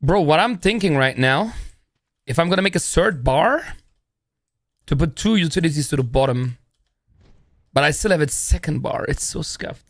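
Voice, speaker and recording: Slangy streamer, dry close sound. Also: male voice, fairly high pitch, lively intonation, normal speed, long pauses, no echo. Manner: loose, rambling, slangy with "bro". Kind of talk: casual live-stream chat.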